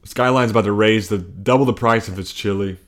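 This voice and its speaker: A man's voice: lowish voice, a little fast, fairly bright tone. Rambling, profane male podcast host. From Cincinnati. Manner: rambling, profane, self-interrupting. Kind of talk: casual solo podcast rant.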